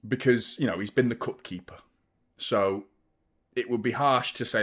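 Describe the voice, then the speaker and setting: A man's voice: medium pitch, moderate pace, pauses often, a bit bright, husky. A young adult man, hosting a live football watchalong, chatting casually, reacting to play and thanking viewers by name. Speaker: fan channel host.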